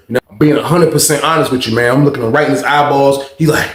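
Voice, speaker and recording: A man's voice: mid-range voice, fast, few pauses, echoey room. A man telling a story in a casual, profane way, acting out his own lines with big jumps in voice. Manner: animated, profane, acts out his own quotes.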